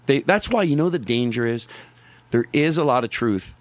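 A man's voice: medium pitch, animated, moderate pace, no room sound. A man hosting a podcast, chatting casually, rambling and joking with himself. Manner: rambling, self-interrupting, joking. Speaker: podcast host. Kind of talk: casual chat.

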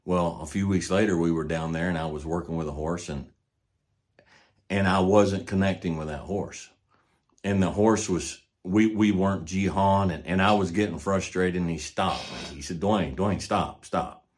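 A man's voice: deep voice, fairly even intonation, moderate pace. An older man who trains horses, hosting a casual monologue in a folksy, plainspoken way and repeating points for emphasis. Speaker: podcast host, rancher and horse trainer.

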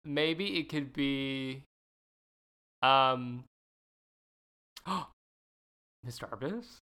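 A woman co-hosting a casual podcast, giggly and animated as she leads the chat. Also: rumbling low, very slow, clean tone. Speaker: podcast co-host.

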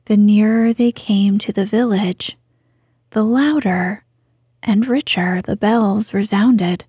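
Slow, breathy woman whispering a bedtime story. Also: mid-range voice, fairly even intonation, no echo, studio quality. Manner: soothing, slow and hushed.

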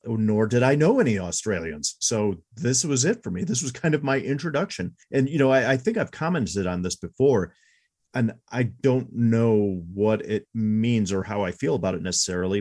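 A man's voice: fairly low pitch, a little mellow. A man in his forties co-hosting a podcast, chatting candidly about an old movie and laughing easily. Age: 40s. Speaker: podcast co-host. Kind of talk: casual movie review chat.

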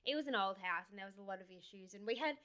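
Young woman podcast co-host, crisp bright voice, relaxed and amused, home studio mic. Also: medium pitch, rapid-fire. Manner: laid-back, laughs easily. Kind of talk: casual chat. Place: new house, unpacked boxes. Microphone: studio mic with pop filter.

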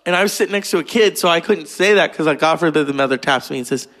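A man's voice: a little high, fast talker, fairly bright tone. A man talking in a rambling, gossipy monologue, full of profanity and digressions. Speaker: vlogger.

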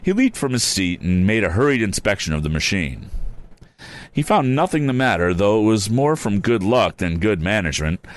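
A man reading an old adventure book aloud in a relaxed, casual way. His voice is low, with lively rises and falls. He breaks off now and then for chatty, wry remarks. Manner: chatty, adds wry asides. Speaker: reader. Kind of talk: casual storybook read-aloud.

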